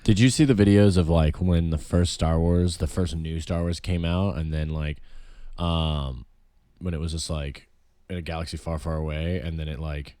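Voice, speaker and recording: A man's voice: extremely low pitch, steady tone, normal speed, dark tone, clear, resonant tone, dry recording, studio quality. A young man, swearing freely and telling blunt stories in a casual podcast chat. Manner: profane, blunt storyteller. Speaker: podcast co-host.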